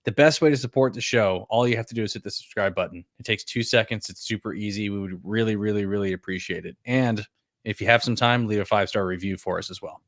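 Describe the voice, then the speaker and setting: A man's voice: lowish voice, fast, dry recording, studio quality. A man co-hosting a live fantasy baseball stream, upbeat and reading viewer comments aloud. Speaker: podcast co-host.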